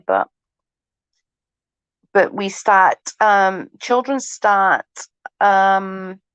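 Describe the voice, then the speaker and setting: A woman's voice: mid-range voice, no room sound. Chatty woman, lo-fi stream. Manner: chatty, swears freely, laughs often. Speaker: livestream host chatting with viewers. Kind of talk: casual livestream chat. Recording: dull lo-fi stream audio.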